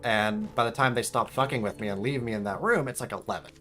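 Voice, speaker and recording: A man's voice: quick pace, faint music behind. Swearing male streamer telling a story. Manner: swearing, animated, mimics alarms in a high voice. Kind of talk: casual storytelling while gaming.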